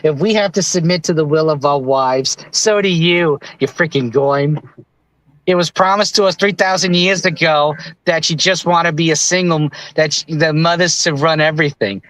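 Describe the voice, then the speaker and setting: A man's voice: fairly high pitch, a bit bright, dry recording, natural voice, low-quality recording. A man putting on a mocking voice for a sneering, conspiratorial figure who taunts outsiders. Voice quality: mocking, slightly raised put-on voice.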